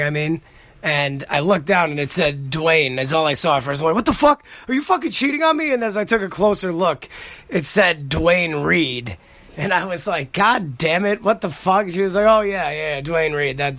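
Gravelly, bright-voiced New man. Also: mid-range voice, no room sound. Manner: profane, rambling storytelling. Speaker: podcast host. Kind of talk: casual monologue.

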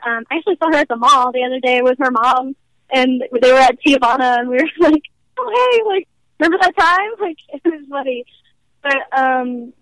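A woman's voice: sits high, pushed and bright, dry recording, rough recording. A bubbly young woman from Nashville, a guest actress chatting in an interview, giggling often and saying "like" a lot. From Nashville, American South. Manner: bubbly, giggly, heavy use of "like". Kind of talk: casual interview chat.

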